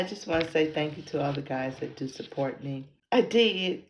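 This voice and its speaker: An American woman, a podcast host and content creator, delivers a rambling, blunt, often profane casual monologue on her own show. Her deep voice has lively intonation at a normal speed, recorded with roomy echo and a little hiss or hum.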